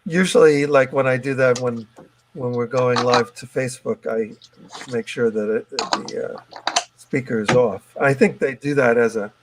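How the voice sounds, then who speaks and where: A man's voice: medium pitch, fairly even intonation, normal speed, background noise. Hesitant man checking audio on a call. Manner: hesitant, many restarts and fillers. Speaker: host running the broadcast. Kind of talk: casual video-call tech check.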